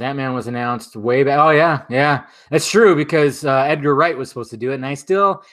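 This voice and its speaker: Male streamer, slightly high voice, loose and profane, casual live chat. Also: a bit bright. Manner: loose, profane, drinking while talking.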